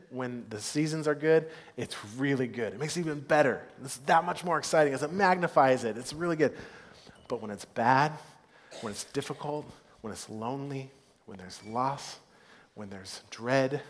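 A man preaching as pastor in a church, earnest and heartfelt. He drops to hushed, soft stretches and rises to loud, upbeat ones. His mid-pitched voice rings with a long hall reverb. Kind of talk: sermon. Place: church sanctuary.

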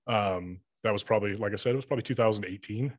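Man, podcast guest: rapid, profanity-laced storyteller, dry close sound. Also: on the low side, no echo. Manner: profane, rambling anecdotes with acted-out dialogue. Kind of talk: casual storytelling chat.

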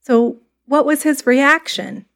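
A woman's voice: sits high, fairly even intonation, takes it slowly. A woman hosting a podcast interview, asking brief questions and offering supportive affirmations. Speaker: podcast host.

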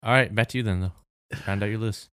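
A man's voice: lowish voice, fast talker, fairly bright tone, no echo, studio quality. A man hosting a casual podcast game, teasing his guests as he keeps the rounds going. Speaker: podcast host. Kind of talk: casual chat.

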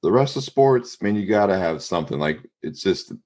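Very deep-voiced man in loose sports chat. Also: normal speed. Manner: rambling, hedging with fillers, animated when retelling. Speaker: sports podcast co-host.

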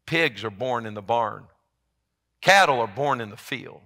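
Impassioned pastor, bright voice. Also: male voice, lively intonation, unhurried. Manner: impassioned, rising to loud emphatic peaks then dropping low. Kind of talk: sermon.

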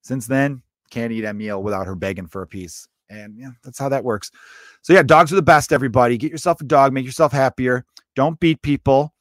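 A man's voice: medium pitch, fairly quick, dry recording, studio quality. A man in his thirties hosting a comedy podcast, telling a loose, profane, jokey story.

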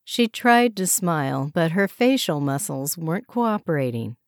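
Low, slow-reading female narrator. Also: animated, no echo, studio quality. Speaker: audiobook narrator. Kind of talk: scripted narration.

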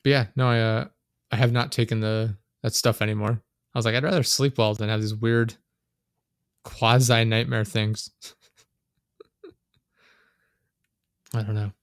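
Speaking at a measured pace and pausing often, a young podcast host with a lowish voice and little pitch movement rambles casually, swearing and saying "like" frequently. His desk microphone yields a dry, clean studio recording.

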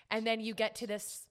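A young woman telling a long, dramatic story in casual podcast chat, laughing often and acting out what people said. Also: fairly high pitch. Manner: animated, dramatic storyteller who laughs often and acts out quotes. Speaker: podcast guest.

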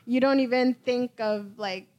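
A young woman talks as a podcast guest. Her voice sits a little high. She tells stories with animated exclamations and quick asides. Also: highs cut off. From The Bahamas. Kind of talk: casual chat.

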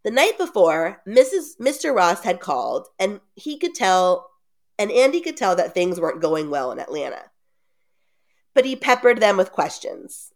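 A woman's voice: mid-range voice, sing-song, moderate pace. A woman hosting a podcast, retelling a story in a casual, chatty way with joking asides. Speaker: podcast host retelling a book.

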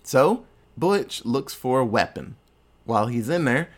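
A podcast host recaps a movie scene by scene in a casual, animated way, rambling loosely and cracking crude jokes. He speaks a little slowly with a medium-pitched voice.

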